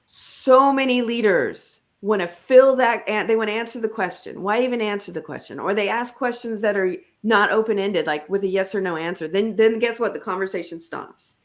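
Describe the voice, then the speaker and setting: A woman talking about leadership in a conversational interview, emphatic and coaching, with animated asides. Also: mid-range voice, normal speed, few pauses.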